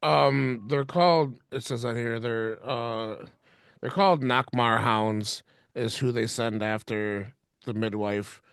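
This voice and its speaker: A man's voice: mid-range voice, slow pace, gravelly, fairly bright tone, clear, resonant tone, dry recording, clean studio sound. A man co-hosting a podcast in casual chat, laughing often and chiming in with loose, profane remarks. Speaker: podcast co-host.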